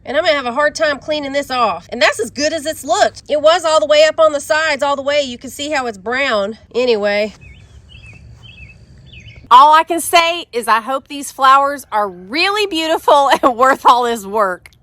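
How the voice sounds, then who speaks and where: A woman's voice: high-pitched, lively intonation, moderate pace, bright, forceful tone. A middle-aged woman, talking casually to camera while out of breath from yard work outdoors. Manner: chatty, folksy, addresses viewers as y'all. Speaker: gardening vlogger.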